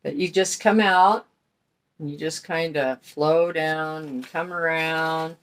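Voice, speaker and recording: In a relaxed craft tutorial, a middle-aged woman chats in a homespun way while painting, explaining each step for her crafting channel. Her voice is low-pitched and steady, and she speaks slowly.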